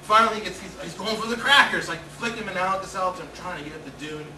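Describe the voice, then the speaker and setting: A male stand-up comedian telling a long story in an animated way. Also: high-pitched, fast. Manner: animated, building excitement. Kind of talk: comic storytelling. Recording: roomy stage sound, distant mic, noisy.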